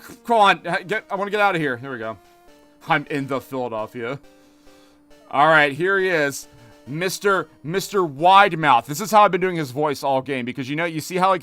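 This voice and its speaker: Bright-voiced rambling male streamer. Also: medium pitch, lively intonation, fairly quick, soft background music. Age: 30s. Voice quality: rambling, full of fillers and restarts. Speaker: game streamer. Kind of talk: casual let's-play chat.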